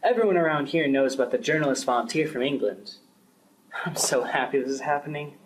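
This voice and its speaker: A man's voice: medium pitch, expressive, brisk, slight background noise, poor audio. A young man performing a student radio drama, shifting his voice between several characters. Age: young adult. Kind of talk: amateur radio-play acting.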